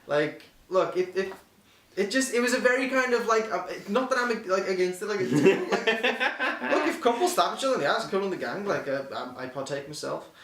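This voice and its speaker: A man's voice: sits high, expressive, a little fast, a bit bright, recorded from a distance. A man co-hosting a podcast, reviewing a film in casual, rambling chat full of swearing and restarts. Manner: rambling, profane, acts out quotes in silly voices. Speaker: podcast co-host. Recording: echoey room, slightly off-mic.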